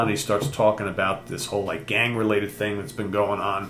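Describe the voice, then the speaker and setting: A man's voice: fairly low pitch, level tone, a little fast, a bit bright. An older man co-hosting a casual chat, retelling a comic book story and acting out the characters' lines. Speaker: podcast co-host. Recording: echoey room with faint hum.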